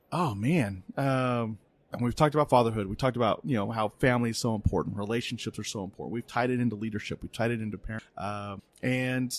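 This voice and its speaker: A middle-aged man hosting a podcast, telling a family story in an animated, laughing way at a conference. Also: medium pitch. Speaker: podcast host. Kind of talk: casual interview chat. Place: conference venue.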